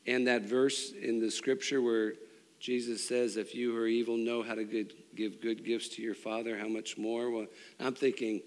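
A middle-aged man preaching a sermon, telling a personal story with restarts and swings between loud and hushed. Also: mid-range voice, little pitch movement, moderate pace. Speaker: pastor. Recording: long hall reverb.

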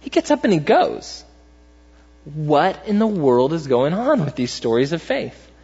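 A husky-voiced young man preaches in a relaxed, chatty way, tossing out "right?" as he goes. His voice sits a little high for a man. The sound is dull and muffled, with a long reverb tail from a big hall. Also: measured pace. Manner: conversational, animated storytelling with frequent "right?" and "like". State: tired. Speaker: pastor. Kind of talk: sermon. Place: large church hall.

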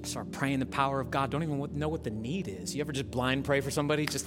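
A man's voice: mid-range voice, fast, music in the background. A man preaching a sermon as a pastor, talking casually and building to impassioned emphasis. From Southern California.

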